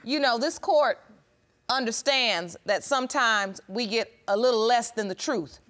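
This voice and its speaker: A woman's voice: a little high, a little slow, a bit bright, a little hiss or hum. A woman presiding as judge on a courtroom show, questioning witnesses firmly and pressing for direct answers. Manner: firm, probing, repeats questions to press for answers. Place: television courtroom set.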